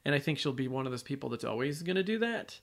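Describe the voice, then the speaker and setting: A man's voice: medium pitch, expressive, quick pace, vocal fry. A man co-hosting a casual film podcast, easygoing, laughing often and leaning on "like". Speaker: podcast co-host.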